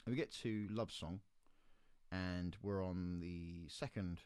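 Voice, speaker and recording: A man with a very low voice tells a gig story in a relaxed, chatty way. He gets animated and slips into the voices of the people in it. The sound is close and dry. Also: slow, clear, resonant tone, dry recording. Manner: animated teller, acts out quoted voices. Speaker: podcast host and musician. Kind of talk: casual anecdotal storytelling.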